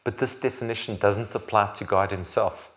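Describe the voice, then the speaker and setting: A man's voice: on the low side, fairly even intonation, moderate pace. Emphatic preacher, man. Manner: emphatic preaching, swelling louder on repeated phrases; occasional restarts and self-corrections. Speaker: pastor. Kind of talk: sermon.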